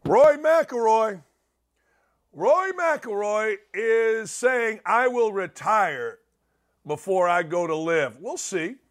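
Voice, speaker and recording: A man's voice: high voice, lively intonation, slow pace, fairly bright tone. A middle-aged man hosting a talk show, delivering a brash, sarcastic, rambling opinion monologue.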